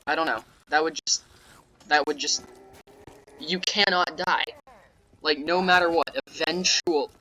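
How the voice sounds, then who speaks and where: Young guy rambling thru a zombies game, bright sharp voice, yells at the game now and then. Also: fairly high pitch, steady tone, a little slow, pauses often, poor audio. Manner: rambling, offhand, with sudden yelled outbursts at the game. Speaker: gaming YouTuber. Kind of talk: casual gameplay commentary.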